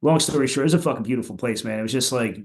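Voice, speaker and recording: A man from Philadelphia talks as a podcast guest in casual chat. He rambles loosely, swears freely and leans on filler words. His voice sits at an average pitch for a man. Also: racing, a little mellow. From Philadelphia, USA. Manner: rambling, profane, many "like" fillers. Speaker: podcast guest, punk musician.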